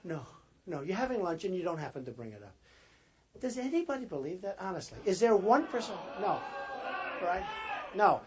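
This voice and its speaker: A man's voice: high voice, big pitch swings, brisk, pauses often. A man giving an off-the-cuff campaign rally speech, rambling and repeating himself as he talks straight to the crowd. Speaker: political candidate addressing a rally.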